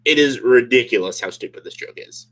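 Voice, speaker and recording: A man's voice: medium pitch, a little fast, heavy background noise. A man vlogging a casual comedic movie rant, sarcastic, filling his speech with "like" and laughing often.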